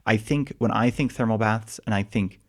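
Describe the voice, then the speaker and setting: A man's voice: fairly low pitch, moderate pace. A man co-hosting a casual travel podcast, chatty and jokey, often trailing off mid-sentence. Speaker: podcast co-host. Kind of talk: casual chat.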